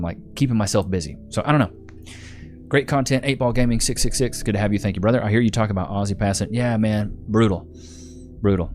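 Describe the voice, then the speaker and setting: A livestream host with a lowish, darkish voice chats casually and rambles while thanking viewers and reading out their donations, laughing often.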